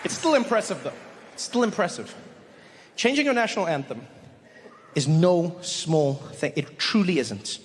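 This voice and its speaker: A man doing stand-up comedy, telling animated stories and acting out voices, with reverb from a large hall. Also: on the high side, normal speed, slight background noise. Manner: animated, storytelling with acted-out voices. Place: comedy stage.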